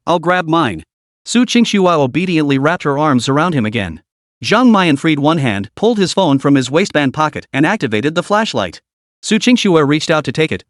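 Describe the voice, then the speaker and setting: A man giving a steady scripted narration of a comic story. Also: on the high side, no room sound, clean studio sound.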